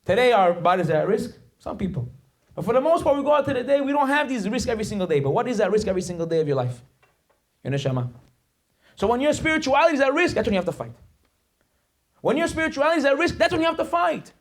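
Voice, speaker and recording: A man's voice: high-pitched, big pitch swings, racing. A male rabbi giving a sermon, emphatic and dramatic, telling stories and acting out the voices in them. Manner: acts out quoted voices.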